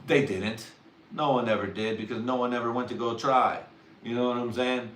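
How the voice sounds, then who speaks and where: A man's voice: mid-range voice, fairly even intonation, moderate pace, a bit bright. Young man, livestream host, vulgar drawling storyteller who laughs a lot; sits back from the mic in an echoey room. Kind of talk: crude rambling comedic monologue. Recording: roomy echo, distant mic, faint noise.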